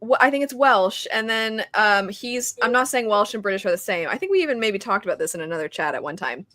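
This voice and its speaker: A woman's voice: mid-range voice, expressive, quick pace, pushed and bright, no echo. A woman co-hosting a podcast in casual chat, talking chattily and laughing often. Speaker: podcast co-host.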